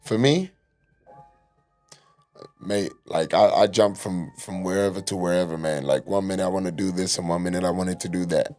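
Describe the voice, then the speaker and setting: A man's voice: sits low, normal speed, a little mellow, soft background music. A young man hosting a casual podcast chat, loose and joking with plenty of slang and swearing. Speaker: podcast host.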